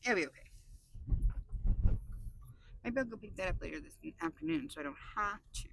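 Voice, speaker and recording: High bright chatty woman. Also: normal speed, creaky, pauses often, a little hiss or hum, rough recording. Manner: chatty, excitable, laughs often. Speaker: vlogger. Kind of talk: casual chat while driving. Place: in a car.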